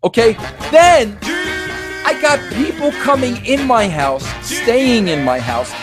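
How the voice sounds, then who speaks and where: A middle-aged man hosting a podcast, ranting in a rambling, excitable way full of restarts and filler words. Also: extremely high pitch, slow pace, over music. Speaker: podcast host. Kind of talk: animated solo rant.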